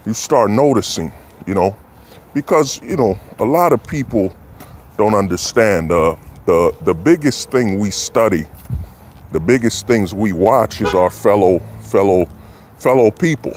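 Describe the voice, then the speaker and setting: Male streamer, mid-pitched, delivers a repetitive, preachy monologue with a faint vehicle hum behind him. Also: darkish tone. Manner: preachy, repetitive, keeps asking "you know what I'm saying". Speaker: livestream host. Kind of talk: opinionated casual monologue.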